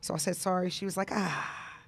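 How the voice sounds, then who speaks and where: A woman's voice: fairly low pitch, fairly quick, slightly rough. A woman co-hosting a live talk show, chatting casually and telling everyday stories. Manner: chatty storyteller, many fillers. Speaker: co-host.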